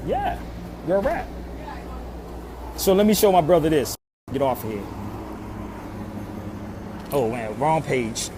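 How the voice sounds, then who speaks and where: A man from Philadelphia lectures in the open air, earnest and insistent, circling back to the same pleas again and again. His voice sits a little on the high side. City traffic rumbles clearly behind him. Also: big pitch swings, takes it slowly, pauses often. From Philadelphia, USA. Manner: emphatic and preachy, repeating pleas. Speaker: social media commentator. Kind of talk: impassioned street monologue. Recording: outdoor traffic noise.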